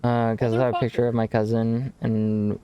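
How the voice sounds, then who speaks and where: A man's voice: mid-range voice, level tone, normal speed, mellow, smooth, highs cut off. Laid-back young man streaming games. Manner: rambling, laid-back, swears casually, says bro often. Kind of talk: casual live-stream chat while gaming.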